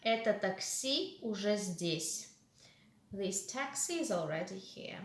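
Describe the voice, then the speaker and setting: A woman's voice: medium pitch, lively intonation, slow pace, faint music behind. A woman, teaching a language lesson and patiently explaining each phrase. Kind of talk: walkthrough lesson commentary. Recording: echoey room with faint hiss.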